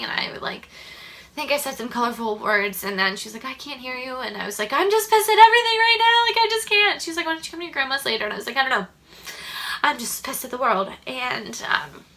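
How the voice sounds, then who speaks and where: A woman's voice: fairly high pitch, creaky, pushed and bright. A young woman telling a personal story in a rambling vlog monologue at home, full of fillers. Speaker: vlogger.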